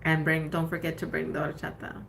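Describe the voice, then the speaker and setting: A woman's voice: deep voice, monotone, a little fast, creaky, fairly bright tone, slight background noise. Chatty woman co-hosting a live stream. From California. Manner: chatty, reads comments aloud. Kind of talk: casual chat.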